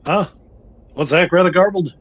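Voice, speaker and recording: A man's voice: high voice, dull audio. A man voicing a laid-back, jive-talking hipster who calls people baby. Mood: cool. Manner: cool slang, drawn-out.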